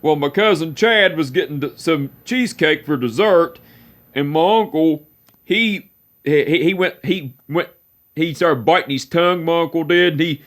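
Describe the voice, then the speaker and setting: A man telling a personal story, halting and repeating phrases as he restarts. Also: fairly high pitch, fairly bright tone.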